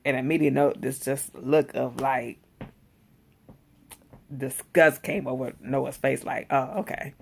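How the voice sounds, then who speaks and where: A woman casually recapping a TV episode, animated and slangy, exclaiming as she retells scenes. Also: rumbling low, unhurried, creaky, long pauses, a little hiss or hum. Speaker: TV episode reviewer.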